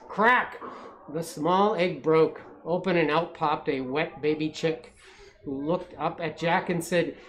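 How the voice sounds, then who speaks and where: Storytime reader, playful, unhurried, medium-pitched, asides to kids. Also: slight background noise. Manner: playful, with asides to young listeners. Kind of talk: children's read-aloud.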